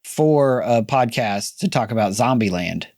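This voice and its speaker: A man hosting a podcast, asking his guests questions in a lively, conversational way. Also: mid-range voice, measured pace, dry recording, studio quality. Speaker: podcast host. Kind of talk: casual interview.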